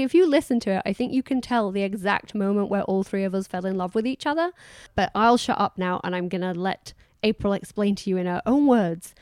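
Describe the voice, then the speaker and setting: A young British woman hosting a beauty podcast, chatting in a lively, rambling way with plenty of asides. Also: mid-range voice, smooth, no echo, studio quality. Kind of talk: casual chat.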